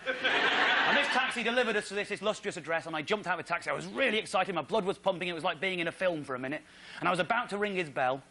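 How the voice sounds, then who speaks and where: A comedian on stage, telling an excitable, indignant comic story with slides. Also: male voice, high voice, fast talker. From Britain. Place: theatre stage.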